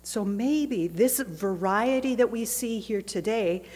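A woman pastor delivering a sermon in a conversational, gently humorous way, recorded in a church. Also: medium pitch, takes it slowly. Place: church sanctuary. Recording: echoey church hall.

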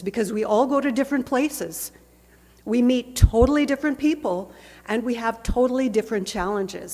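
Woman pastor, unhurried sermon, slightly high voice, reverberant church hall. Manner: conversational, gently humorous preaching. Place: church sanctuary.

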